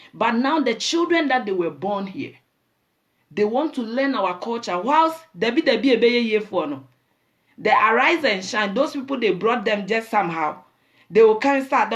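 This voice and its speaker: A middle-aged woman with a Ghanaian accent, hosting a talk show and lecturing her listeners in a lively, preachy way, dropping Pidgin and Twi phrases. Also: a little high. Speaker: show host. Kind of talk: casual talk show monologue.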